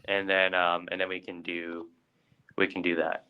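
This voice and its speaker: A man's voice: low-pitched, completely flat delivery, normal speed, smooth, phone-quality sound. A man co-hosting a podcast, telling a story in casual chat with lots of fillers and restarts. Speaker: podcast co-host.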